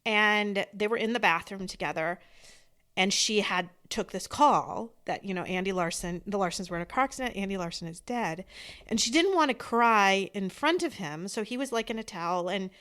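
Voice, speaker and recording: A woman's voice: medium pitch, expressive, moderate pace, a bit bright. Earnest woman podcast host. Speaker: podcast host, bereaved mother. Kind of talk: conversational storytelling.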